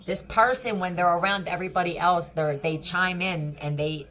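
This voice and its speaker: A woman's voice: lowish voice, normal speed, few pauses, sharp tone. A woman giving a casual tarot reading, blunt, profane and mocking. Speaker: tarot reader.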